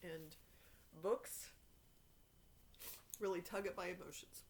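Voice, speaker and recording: A woman reads a novel aloud with a gravelly, slightly creaky voice. Her delivery is earnest and emotional, at a middle pitch, with faint noise in the background. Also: takes it slowly, low-quality recording. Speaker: reader.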